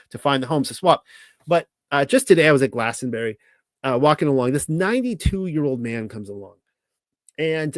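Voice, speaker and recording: A man in his thirties with a Californian accent, rambling through a casual monologue as host. He halts, restarts and fills the gaps with "uh" and "um". His voice sits at a middle pitch, recorded close and dry with no room sound. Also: no room sound. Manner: rambling, halting, with many restarts and fillers.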